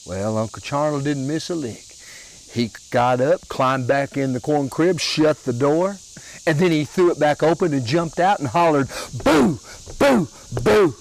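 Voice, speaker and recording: A man telling comic family stories in a slow, folksy, drawn-out way. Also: a little high, rough recording. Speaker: storyteller comedian.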